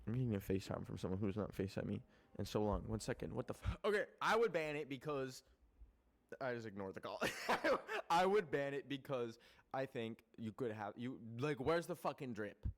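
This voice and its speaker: A man from Canada, a streamer chatting casually to his viewers, rambling and swearing often, with excitable bursts. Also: medium pitch, brisk. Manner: rambling, profane, excitable, with laughs.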